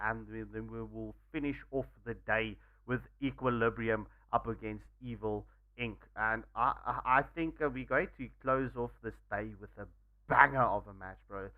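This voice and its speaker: A man co-commentating an esports match, calmly reading out the schedule and calling fights. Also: medium pitch, narrow, tinny audio. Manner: measured, announces schedule, rises in teamfights. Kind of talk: live game commentary.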